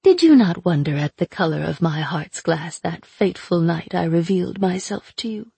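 A woman voicing a cruel, sly chained sorceress who mocks her captor in a slow, drawn-out way. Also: lowish voice, animated, creaky, dark tone, slightly rough, no room sound, full character voice. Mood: taunting. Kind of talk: audiobook character voice.

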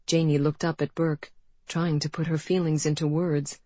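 A woman reading an audiobook aloud in measured, expressive storytelling narration. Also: low-pitched, no room sound. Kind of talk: scripted narration.

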